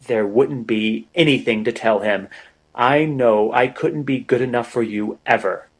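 An earnest young man in love, making impassioned declarations in a storybook, his words slow and heartfelt, as a male narrator voices him. The voice stays close to the reader's own. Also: medium pitch, poor audio.

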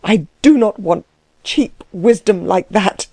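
A woman voicing an agitated, indignant young male tutor who bursts out in trembling, shrill tirades. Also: expressive, a little slow, warm tone, no room sound, close to an everyday voice. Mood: furious.

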